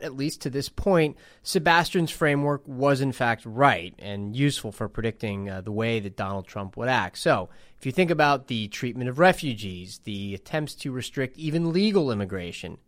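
A man hosting a podcast, giving measured, analytical commentary with the occasional filler. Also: mid-range voice, no room sound, studio quality. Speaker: podcast host. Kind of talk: reflective solo commentary.

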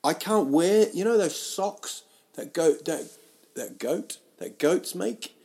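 A man hosting a solo podcast, rambling through silly tangents in a self-mocking way with sudden loud outbursts. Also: high-pitched, takes it slowly. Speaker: podcast host. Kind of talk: rambling solo comedy chat. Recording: home podcast mic, uneven sound.

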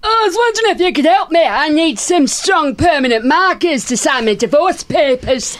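Woman doing a brash, shouty wife. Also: sits high, expressive, moderate pace. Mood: impatient. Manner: shouting, blunt, rude. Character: brash loud-mouthed wife, short-tempered, swears freely. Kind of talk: improvised comedy sketch.

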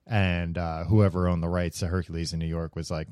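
A man's voice: low voice, flat delivery, a little fast, darkish tone, clean tone, no echo, studio quality. A man co-hosting a pop culture podcast, explaining things in a rambling way with many fillers. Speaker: podcast co-host. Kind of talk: casual chat.

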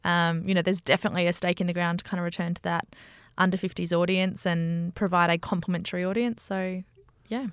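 A woman, a guest on a podcast, giving quick, upbeat answers with some fillers. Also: on the low side, steady tone, smooth, no room sound. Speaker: guest, media trading director. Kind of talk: casual interview chat.

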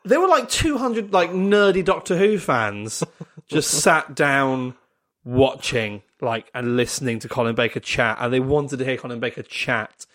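A man on a podcast spins a long, self-deprecating story in a casual, rambling way. He keeps breaking into laughter at his own awkwardness. His voice sits at an ordinary middle pitch. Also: unhurried, fairly bright tone. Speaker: comedian guest. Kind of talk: casual anecdote telling.

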